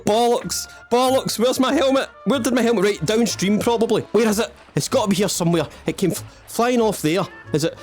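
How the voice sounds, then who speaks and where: A man's voice: high voice, fast, hardly any pauses, faint music behind. A Scottish man hosting a let's-play, rambling in self-mocking jokes and asides to the viewer while he plays. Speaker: gaming channel host. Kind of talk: playful let's-play commentary.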